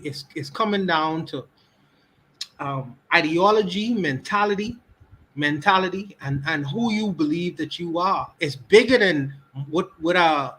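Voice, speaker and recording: A man's voice: a little high, a bit bright, breathy edge, rough recording. A Bahamian man with a Bahamian accent, speaking on a livestream podcast and repeating his key words for emphasis.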